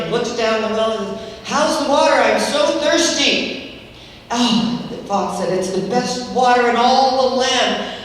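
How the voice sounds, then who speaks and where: A woman minister preaching a measured, uplifting sermon with informal asides and stories. Her voice rings through a large sanctuary, picked up from far back. The hall is boomy with a long tail of reverb, and there is a faint hiss beneath. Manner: measured, spiritual teaching with asides and told stories. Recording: echoey hall, heard from far off.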